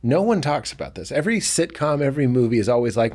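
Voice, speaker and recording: A man's voice: mid-range voice, expressive, fast talker, a little mellow, slightly rough. A man, a guest comedian, chatting and riffing with playful bits on a comedy podcast. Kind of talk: casual comedy podcast chat.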